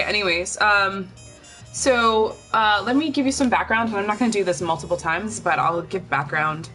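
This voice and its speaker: A woman's voice: medium pitch, a bit bright. A young woman chats loosely with her livestream viewers at home, rambling from one thought to the next. Her nose is stuffed up and her breathing is heavy. Faint music plays in the background. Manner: chatty, rambling, addresses chat directly. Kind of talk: casual livestream chat.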